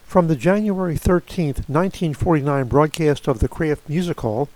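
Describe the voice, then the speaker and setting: A man's voice: on the high side, a little mellow. A man reading a formal scripted podcast introduction. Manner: measured, formal read. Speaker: podcast announcer.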